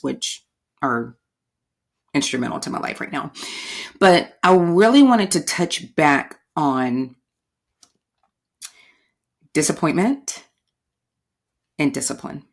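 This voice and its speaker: A woman's voice: sits low, a little slow, vocal fry, long pauses, breathy edge. A married woman hosting her own podcast, talking casually and expressively to her listeners and laughing often as she goes. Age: adult, married. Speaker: podcast host. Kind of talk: casual solo podcast talk.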